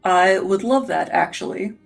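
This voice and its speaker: A woman's voice: medium pitch, unhurried, vocal fry, faint music behind. A woman playing a tabletop game, speaking earnestly and declaiming as her paladin-like character. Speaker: player. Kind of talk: in-character tabletop role-play.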